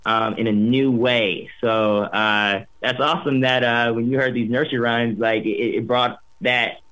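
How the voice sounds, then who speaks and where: A man's voice: mid-range voice, steady tone, measured pace, a bit bright, rough recording. A young man, a voice actor, chatting upbeat in an interview, rambling with lots of fillers and restarts. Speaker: voice actor guest. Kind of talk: casual interview chat.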